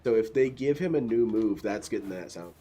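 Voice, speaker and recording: A man's voice: fairly low pitch, lively intonation, a little fast, dark tone, slight background noise. A man chatting casually as a guest, rambling and self-deprecating with lots of fillers. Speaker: podcast guest, mod maker. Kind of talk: casual chat.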